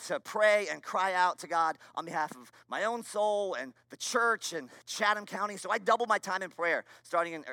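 High, bright-voiced male pastor preaching. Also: dry recording. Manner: earnest, emphatic preaching with repeated phrases. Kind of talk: sermon. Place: church.

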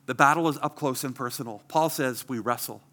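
A man's voice: medium pitch, brisk, bright, forceful tone. A middle-aged man preaching a sermon as pastor, earnest and emphatic, asking rhetorical questions.

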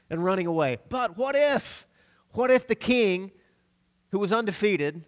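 A middle-aged man from the American South preaching a sermon, telling stories with laughs and sudden swings between loud and soft. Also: on the high side. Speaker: pastor.

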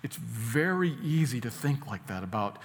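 A man preaching a sermon, earnest, swinging between loud emphatic lines and quiet asides. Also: medium pitch, big pitch swings, normal speed. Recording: long hall reverb.

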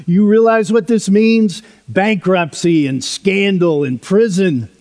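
Preacher doing a frantic furious George Bailey. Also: male voice, high-pitched, slow. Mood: frantic anger. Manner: shouting, frantic. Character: desperate furious man berating an old uncle. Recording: long hall reverb.

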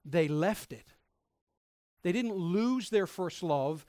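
A man's voice: sits high, expressive, slow pace, a little mellow, no room sound, clean studio sound. A male pastor preaching a sermon in a conversational, emphatic way, quoting scripture to his congregation. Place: church.

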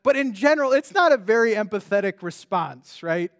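A pastor with a strikingly high voice delivers his sermon like a chat. He tosses out rhetorical questions and trips into quick restarts as he goes. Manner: conversational, animated, with frequent restarts and rhetorical questions.

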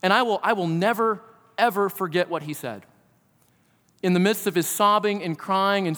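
A man's voice: high-pitched, normal speed, sharp tone. Earnest preacher man in a reverberant hall. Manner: earnest, asks the listeners direct questions. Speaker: pastor. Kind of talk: sermon. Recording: long reverb of a large hall.

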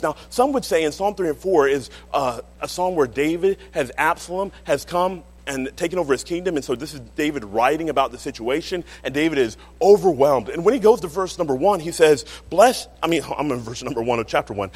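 A male pastor telling a humorous personal story in a sermon, animated and often laughing as he talks. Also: on the high side, fairly quick, breathy edge, in a large hall.

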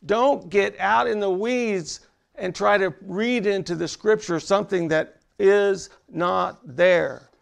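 A man with a high, gravelly voice delivers a sermon from a church pulpit. He preaches slowly and emphatically, turning to talk straight to the congregation. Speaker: pastor.

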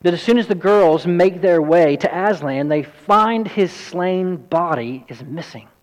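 A man pastor preaching an earnest, emphatic sermon, at times quick and at times slow. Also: high-pitched. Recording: long hall reverb.

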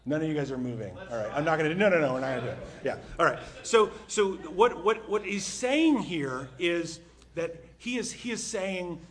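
A man preaching a sermon on a church stage into a microphone, conversational and animated, often dropping to a hush. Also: fairly high pitch, moderate pace. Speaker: pastor.

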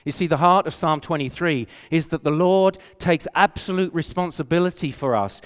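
An older man preaching a sermon with earnest conviction, slowing and softening when he quotes scripture. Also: fairly high pitch. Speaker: pastor. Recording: reverberant hall.

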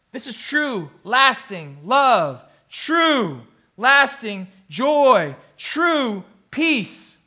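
A man preaching a sermon as pastor, emphatic, swinging between loud and hushed, with rhythmic lists. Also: high voice.

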